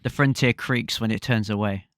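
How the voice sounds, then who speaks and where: A male starship captain offers a deal to pirates in a plain, matter-of-fact tone, read by a man in his own lowish voice. The sound is dry and close. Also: steady tone, moderate pace, fairly bright tone, dry recording, close to an everyday voice. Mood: bargaining.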